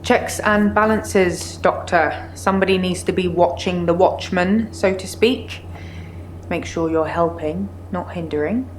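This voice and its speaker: A woman's voice: lowish voice, measured pace, slight background noise, natural voice. An actress playing a guarded female clinic receptionist in a mystery game, with dry, pointed delivery. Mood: wary. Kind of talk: FMV game acting.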